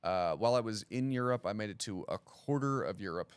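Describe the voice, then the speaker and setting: A man talking in a relaxed, rambling way, full of self-deprecating, deadpan asides and leaning heavily on "like" as a filler. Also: on the low side, brisk, clear, resonant tone, no echo. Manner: heavy use of "like" fillers. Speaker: stand-up comedian guest. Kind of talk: casual podcast chat.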